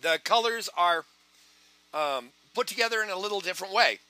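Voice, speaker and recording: A man giving an online sales training talk, acting out both sides of phone calls with animated energy. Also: high-pitched, moderate pace, no room sound.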